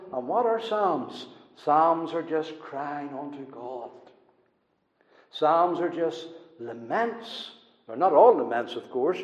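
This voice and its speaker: A man preaching a sermon with emphatic, rising and falling delivery, repeating key words for force. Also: a little high. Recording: echoey hall, dull lo-fi sound.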